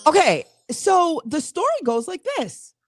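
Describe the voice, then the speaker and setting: Animated woman telling a rambling story. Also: sits high, unhurried, over loud music. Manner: animated, rambling, restarts stories. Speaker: co-host. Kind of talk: casual chat, storytelling.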